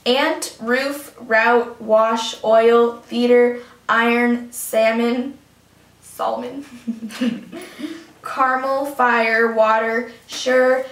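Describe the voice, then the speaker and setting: A woman's voice: a little high, fairly even intonation, very slow. A young woman vlogger chatting casually and reading a word list, giggling now and then. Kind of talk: casual chat. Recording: echoey room from far off.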